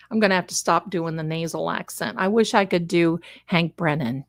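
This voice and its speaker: A woman's voice: lowish voice, normal speed, few pauses. A woman hosting a psychic livestream, chatting casually and rambling, calling her viewers "my darlings.". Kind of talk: casual live-stream chat.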